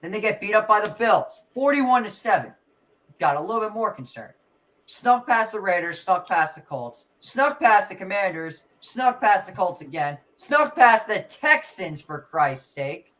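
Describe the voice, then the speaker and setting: A man's voice: high-pitched, very animated, unhurried, bright, forceful tone. A man hosting a casual sports podcast, ranting through sarcastic trash talk about a rival team. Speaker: podcast host.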